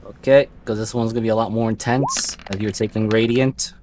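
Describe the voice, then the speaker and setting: Male game master, low voice, unhurried narration, light background hiss. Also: fairly even intonation.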